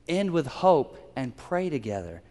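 A man's voice: fairly high pitch, sing-song, unhurried, mellow. A man preaching a sermon as a pastor, earnest and instructive, leading into prayer. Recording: long hall reverb.

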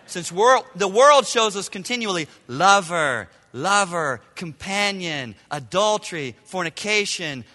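A middle-aged man preaching to a congregation, his voice high and bright. He hammers words through repetition and swings from hushed asides to loud outbursts. The sound carries a long reverb from the large hall. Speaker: pastor. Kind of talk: sermon.

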